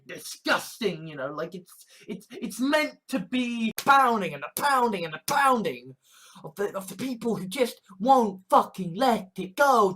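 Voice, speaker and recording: The recording is low in quality, capturing a high-pitched, slightly bright male voice. He is an online commentator in a ranting compilation, swearing a lot, sarcastic and exasperated, with a mocking phrase repeated in outbursts that keep escalating.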